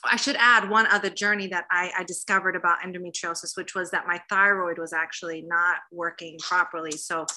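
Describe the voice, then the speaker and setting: A woman in her thirties, a therapist, telling a personal story in an interview, animated and acting out what others said. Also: lowish voice, brisk, hardly any pauses. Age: 30s. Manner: animated, acts out quoted voices.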